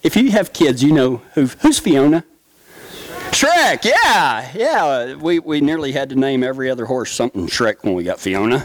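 A middle-aged man giving a humorous storytelling talk from a stage, folksy and quick to laugh. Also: medium pitch. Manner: folksy, animated, laughs often. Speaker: stage speaker.

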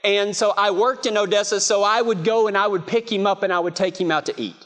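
A man's voice: sits high, a little fast, fairly bright tone. A man with a West Texas accent preaching in a chatty, self-mocking storytelling style, full of "you know" asides, to a live audience. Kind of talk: storytelling sermon. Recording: long reverb of a big hall.

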